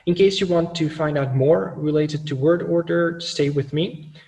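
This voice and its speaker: A man teaching grammar to learners, pausing often with fillers and correcting himself as he slows down for examples. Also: a little high, fairly even intonation, vocal fry, darkish tone, big-room sound, recorded from a distance, a little hiss or hum. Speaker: language teacher.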